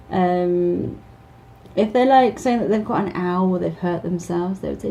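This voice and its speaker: Mellow-voiced woman teacher, hesitant. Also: on the low side, steady tone, unhurried, creaky, rough recording. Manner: hesitant, many ums and restarts, laughs often. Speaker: English teacher. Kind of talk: casual advice video.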